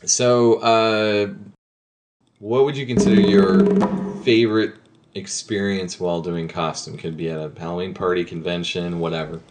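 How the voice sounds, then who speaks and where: Woman interviewer with a very deep voice. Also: little pitch movement, normal speed, darkish tone, slight background noise. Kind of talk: casual interview.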